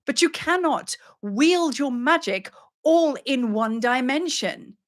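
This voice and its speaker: A woman's voice: on the high side, voice pushed up. A woman voicing a stern lion-headed goddess who growls and commands, inside a guided meditation.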